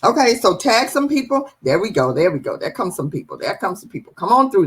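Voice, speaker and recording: A woman's voice: fairly low pitch, brisk, few pauses, slightly rough. Chatty woman hosting a livestream. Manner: lively, chatty, greets viewers by name. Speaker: livestream host. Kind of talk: live-stream chat show.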